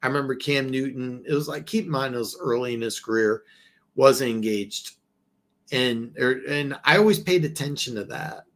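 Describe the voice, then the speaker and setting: A man's voice: medium pitch, normal speed, fairly bright tone. Rambling man hosting football talk. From American South. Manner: rambling, frequent restarts and repeated words. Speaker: host. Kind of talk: casual football talk show.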